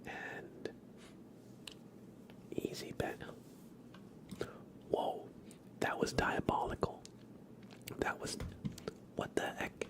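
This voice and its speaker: This live ASMR host is a man speaking in a gentle, low-key whisper, with a congested nose and the mic close up. He goes slowly and offers encouragement to chat viewers.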